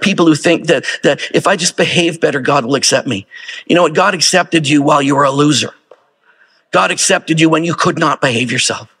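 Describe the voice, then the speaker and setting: Husky-voiced man preaching conversationally. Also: on the high side, fairly bright tone. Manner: conversational preaching with rhetorical questions. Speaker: pastor. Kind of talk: sermon.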